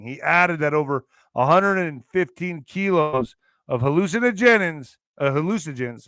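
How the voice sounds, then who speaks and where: A man hosting a casual news commentary show, joking, swearing and laughing often, with loud bursts of emphasis. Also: on the high side, clear, resonant tone, no echo. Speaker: show host.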